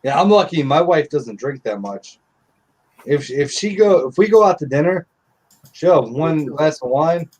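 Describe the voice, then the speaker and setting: A man's voice: fairly high pitch, expressive, moderate pace, a little mellow. A middle-aged man telling stories in casual live-stream chat, blunt and profane.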